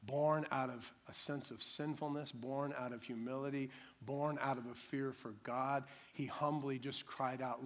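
A man preaching a sermon with emphatic delivery, swinging from loud to hushed, acting out quick imagined voices. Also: medium pitch. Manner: acts out imagined voices in quick dramatic bursts. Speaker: pastor.

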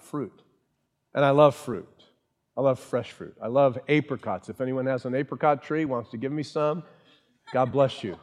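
A man preaching a sermon as pastor, stressing points by repeating them and putting questions to the congregation. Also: medium pitch. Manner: emphatic, repeats key phrases, asks the congregation questions.

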